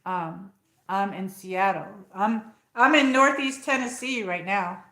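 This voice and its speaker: A woman with an upstate New York accent chats casually on a livestream, wandering from one thought to the next and answering her viewers' comments. Her voice sits at a middle pitch. She is recorded at home in an echoey room. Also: slow, a bit bright. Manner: rambling, chatty, reads out viewer comments. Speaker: livestream host. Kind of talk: casual live chat.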